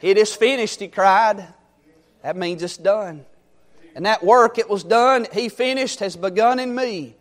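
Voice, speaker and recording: A middle-aged man preaching a sermon, swinging from loud exhortation to quiet storytelling. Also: sits high, measured pace.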